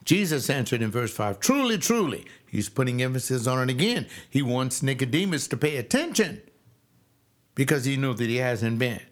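An older man teaches from scripture in a loose, fiery way, and his voice sits at an ordinary middle pitch. He scolds his listeners and mimics the people he criticizes. It sounds like an informal sermon, not a church service. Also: lively intonation, moderate pace. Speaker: lay preacher.

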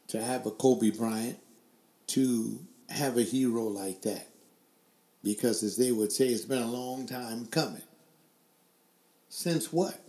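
A mellow, lowish male voice in an echoey room belongs to an older man running his own webcast. He delivers opinion commentary laced with rhetorical questions, using a desk mic that is later adjusted to sit further away.

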